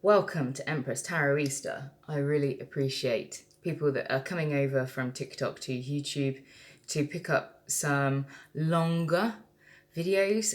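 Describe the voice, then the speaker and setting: A woman's voice: low-pitched, very noisy. A woman giving a casual tarot reading, chatty and irreverent, swearing freely as she talks through the cards. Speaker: tarot reader.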